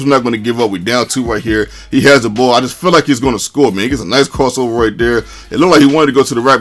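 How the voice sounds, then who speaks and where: A man commentating over his own basketball video game match in a casual, chatty way, tossing "man" onto nearly every sentence. His voice sits at an ordinary middle pitch, and he gets excitable when the game turns close. A faint bed of music runs underneath him. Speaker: gaming commentator.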